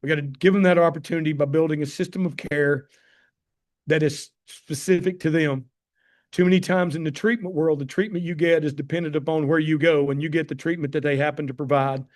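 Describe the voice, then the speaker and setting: An addiction medicine doctor in his fifties, originally from Tennessee, tells heartfelt personal stories in his Southern accent while presenting on a call. His fairly high voice is steady and fairly quick, his manner folksy and emphatic, and he calls listeners "guys."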